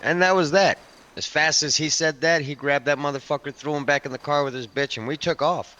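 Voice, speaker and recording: A man's voice: on the high side, fairly even intonation, fairly quick, sharp tone, dull audio. A man playing a profane biker enforcer. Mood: tense storytelling. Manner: profane, rambling storyteller; keeps addressing the listener by name. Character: foul-mouthed hardened male biker club enforcer. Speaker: roleplay character telling a story. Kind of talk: improvised game role-play storytelling.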